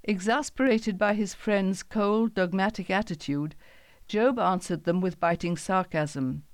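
A woman reading a Bible story aloud as narrator, in a measured, even storytelling delivery. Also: mid-range voice, no echo.

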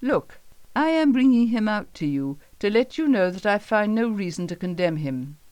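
A woman's voice: medium pitch, big pitch swings, moderate pace, a little mellow, no echo, close to an everyday voice. A woman reading a troubled Roman governor. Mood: questioning.

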